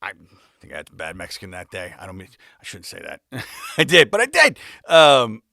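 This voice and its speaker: A man's voice: lowish voice, wildly swooping pitch, moderate pace, creaky, sharp tone, no echo, clean studio sound. A man, a music video director, telling a personal story in casual style, laughing often and swearing, with bursts and restarts.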